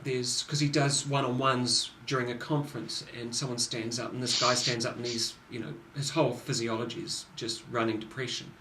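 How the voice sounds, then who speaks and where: Chatty man in an echoey room. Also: medium pitch. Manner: animated storytelling with many restarts. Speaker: podcast co-host. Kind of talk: casual conversation. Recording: echoey room with faint noise.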